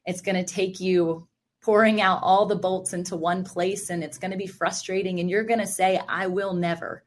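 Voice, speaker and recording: A woman's voice: on the low side, fairly even intonation, normal speed, a little hiss or hum. A woman podcast host in casual interview chat, reflecting on faith and laughing easily.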